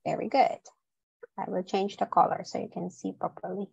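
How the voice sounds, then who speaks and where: A woman teaching English online, slowly modelling sounds and words for her class to repeat. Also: medium pitch, level tone, darkish tone, no room sound, highs cut off. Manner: slow, clearly modelling each sound and word for repetition. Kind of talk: online pronunciation drill.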